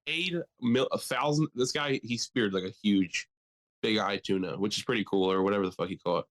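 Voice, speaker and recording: A man's voice: on the low side, a little fast. Young male co-host, loose and profane, joking chat. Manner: profane, animated, jokey. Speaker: podcast co-host. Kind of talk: casual chat.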